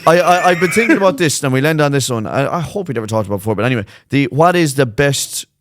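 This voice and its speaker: Irish lad rambling on a podcast, swears a lot, talks fast. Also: male voice, mid-range voice, expressive, dry recording, clean studio sound. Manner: rambling, self-mocking, swears. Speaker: podcast co-host. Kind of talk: casual chat.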